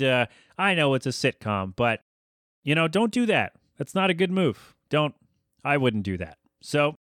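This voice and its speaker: A man's voice: medium pitch, fairly bright tone, no echo. Man, podcast host, casual rambling recap, jokey self-corrections, dry room.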